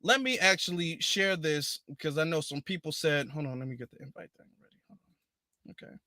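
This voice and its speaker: A man hosting a casual livestream. He has a high, bright voice and talks in an emphatic, indignant way, hammering the same points again and again. The sound is dry and close. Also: fairly quick, no echo. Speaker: livestream host.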